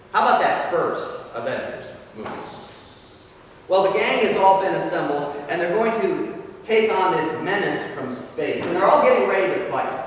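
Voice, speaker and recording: A male pastor preaching a conversational, storytelling sermon, his voice dropping in pitch and volume at the ends of phrases, in an echoey church hall from far off. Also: slight background noise. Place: church sanctuary.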